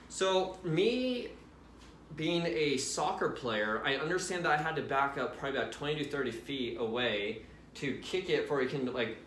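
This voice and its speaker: A young man casually telling a personal faith story to his viewers, animated and chatty, often checking in with "right?". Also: fairly high pitch, reverberant, a little hiss or hum. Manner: casual and animated, addresses viewers directly with "right?" and "you guys". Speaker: Christian vlogger.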